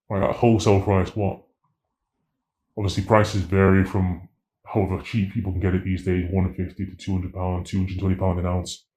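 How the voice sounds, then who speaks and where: A man tells his story in an interview, slangy and animated, acting out every exchange. His voice is low and mellow and carries the echo of a roomy space. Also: a little fast, slight background noise. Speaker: interviewee, former drug dealer.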